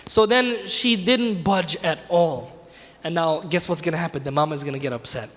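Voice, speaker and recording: A man's voice: fairly high pitch, moderate pace, a bit bright. A man teaching a religious class in a mosque, telling a story and asking his class questions in a conversational way. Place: mosque hall. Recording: reverberant hall.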